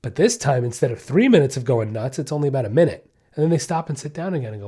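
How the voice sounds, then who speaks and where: A man's voice: mid-range voice, very animated, quick pace, dark tone, slightly rough. A man who hosts a dog-training podcast, answering a listener's question in an emphatic, conversational way and repeating his key points.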